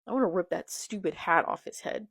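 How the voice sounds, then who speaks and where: Reading manga dialogue aloud and commenting after each line, this young woman, a manga reaction vlogger, talks fairly quickly in a fairly low, creaky, husky voice with a bit of brightness. Her casual reaction video is shot on a phone in portrait, and the audio is clean studio sound with no room sound.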